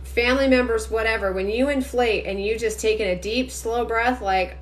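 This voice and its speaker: A woman's voice: on the high side, a little hiss or hum. Chatty, emphatic woman on a live stream. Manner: rapid, emphatic, chatty, addresses viewers directly. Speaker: intuitive energy reader. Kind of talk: casual livestream reading to viewers. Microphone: phone livestream.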